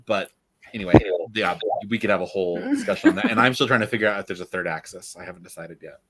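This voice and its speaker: A man's voice: sits low, fast, over a noisy crowd. A man, a guest writer on a panel, talking casually with jokes and rambling asides. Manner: animated storyteller, jokes and trailing asides.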